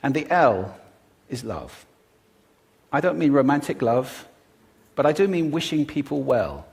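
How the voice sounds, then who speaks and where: A man giving a talk on stage to a live audience about speaking, deliberately varying his pitch, pace and volume. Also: big pitch swings, gravelly, a little mellow. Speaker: public speaker on voice.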